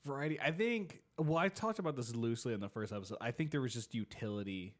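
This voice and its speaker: A man's voice: medium pitch, lively intonation, quick pace. A young man co-hosting a podcast in casual chat, laid-back, laughing often and swearing as he acts out quotes. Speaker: podcast co-host.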